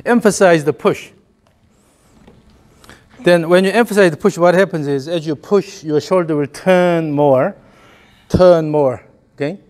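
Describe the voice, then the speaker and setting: A man's voice: on the high side, takes it slowly, pauses often, darkish tone. A man giving a hands-on golf lesson, explaining the swing and calling out short repeated cues in rhythm. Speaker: golf coach.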